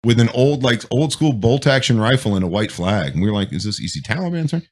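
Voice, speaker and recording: A man's voice: medium pitch, fast talker. A man, a military veteran, telling profane stories from deployment in a casual podcast chat. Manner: profane, animated war storytelling.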